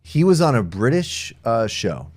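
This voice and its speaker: A male podcast host in casual political chat, animated and swearing freely as he jokes. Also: mid-range voice, a little slow, dry recording.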